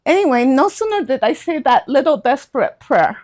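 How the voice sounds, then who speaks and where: A middle-aged woman recounts a personal story in a relaxed conversation. Her voice sits fairly high. She is animated and slips into the voices of the people she quotes. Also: a little fast. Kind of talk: storytelling in a casual chat.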